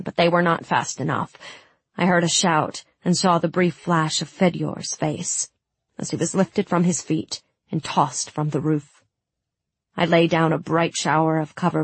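Gravelly woman narrating a dark audiobook. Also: deep voice, level tone, normal speed, no room sound. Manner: dramatic, tense storytelling. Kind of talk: first-person audiobook narration.

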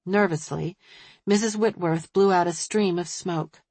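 A woman narrating a novel in an even, measured reading voice. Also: lowish voice, no room sound. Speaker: audiobook narrator. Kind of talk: scripted narration.

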